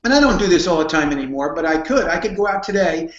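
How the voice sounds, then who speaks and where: A man's voice: a little high, animated, fast. A man answering interview questions about prospecting, telling earnest stories and often restarting his sentences. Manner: storytelling, earnest, with frequent restarts. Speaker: guest speaker on network marketing. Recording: dull, roomy sound.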